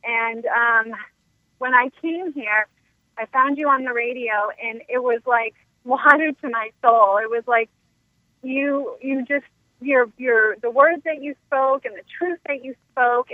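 A woman calling in to a radio show by telephone, speaking gratefully and softly with many ums. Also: high voice, unhurried, dry recording. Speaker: caller. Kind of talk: phone-in call to a radio show. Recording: tinny phone line.

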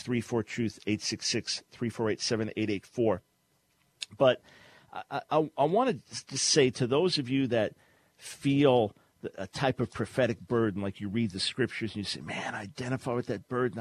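A middle-aged man hosting a call-in radio talk show, speaking earnestly in a preaching, teaching manner and often restarting his words. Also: medium pitch.

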